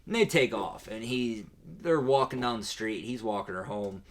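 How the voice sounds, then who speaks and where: A man's voice: on the low side, normal speed. A man giving a crude, profane comedic recap of an old film, acting out the characters' lines. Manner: crude, animated retelling with acted-out quotes. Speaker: guest comedian.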